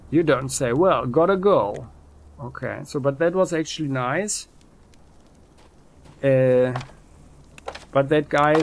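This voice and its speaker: A man's voice: mid-range voice, vocal fry, a little hiss or hum. Man musing over a video game. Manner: thinks aloud with fillers. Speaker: let's play host. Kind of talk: game commentary.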